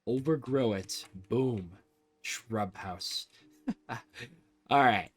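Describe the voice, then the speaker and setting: A young man chatting casually while playing a building game, rambling in a low-key monotone with sudden excited bursts. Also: extremely slow, slightly rough. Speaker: gaming vlogger.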